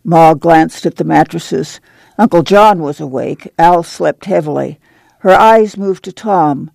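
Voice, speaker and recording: A reader narrating a dramatic audiobook in a steady, measured way. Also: medium pitch, vocal fry, dry recording.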